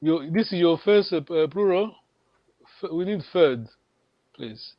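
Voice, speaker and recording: A man's voice: a little high, expressive, measured pace, highs cut off. A man teaching a language lesson online, encouraging his students, repeating words and laughing often.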